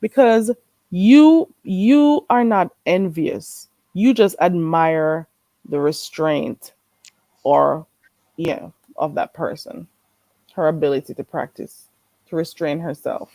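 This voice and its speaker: A woman's voice: sits low, slow, warm tone, no room sound. A woman who is not a native English speaker, co-hosting a casual chat and hesitantly searching for her words.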